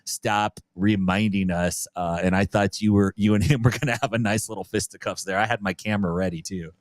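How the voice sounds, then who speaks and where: A man's voice: lowish voice, steady tone, a little fast, no echo. A man co-hosting a podcast in easygoing, chatty talk, laughing now and then. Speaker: podcast co-host. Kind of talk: casual chat.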